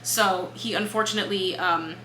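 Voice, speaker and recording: A young woman co-hosting a book podcast, retelling the plot in casual chat, expressive and swearing freely. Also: medium pitch, normal speed. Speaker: podcast co-host. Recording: echoey room with faint hum.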